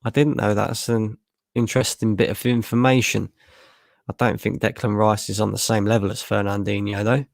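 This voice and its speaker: Male streamer, young, gravelly and lowish, casual and sweary, dry close mic. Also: level tone, brisk, no echo. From Lincolnshire, England. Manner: casual, sweary, laughs a lot, reads chat aloud. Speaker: football watchalong streamer. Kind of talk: live stream reaction, reading chat.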